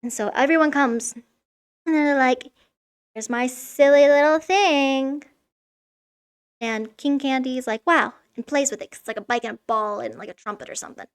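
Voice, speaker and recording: A young woman recaps a children's story in casual, irreverent commentary. Her voice sits slightly high for a woman, and her sarcasm comes through. She swears freely and treats the material as a running joke. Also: fast. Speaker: vlogger. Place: room in a school.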